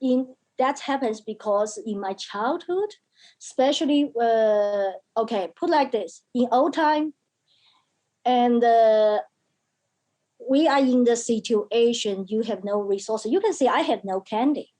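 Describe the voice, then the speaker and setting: Woman, slightly high-pitched voice, interview guest, personal storytelling, halting phrasing, filler words, emphatic quoted speech. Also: dark tone, low-quality recording. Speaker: podcast guest, mental health educator.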